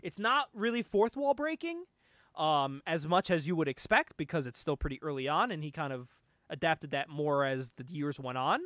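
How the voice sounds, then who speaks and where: Young guy chatting comics on a podcast, high lively voice, laughs a lot, dry close sound. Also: normal speed, dry recording. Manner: animated, laughs often, reads comic dialogue aloud. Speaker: podcast co-host. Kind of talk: casual comic book chat.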